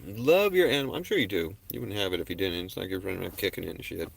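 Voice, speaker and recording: A man's voice: sits low, very fast, vocal fry, slightly rough. A man hosting a casual livestream, talking in a rambling, laid-back, slangy way into his webcam. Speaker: livestream host. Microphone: webcam on a desk.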